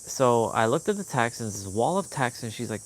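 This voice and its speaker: A man's voice: mid-range voice, sing-song, normal speed, a little hiss or hum. A young man vlogging, telling an emotional personal story in a candid, swearing manner. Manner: candid, swearing, quoting others in heated bursts. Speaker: fitness vlogger.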